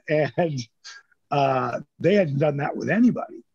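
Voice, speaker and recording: A man, a former wrestler telling stories in a casual interview, animated and swearing freely while he acts out the people he quotes. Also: a little high, slow pace, vocal fry, slightly rough, no echo, lo-fi sound.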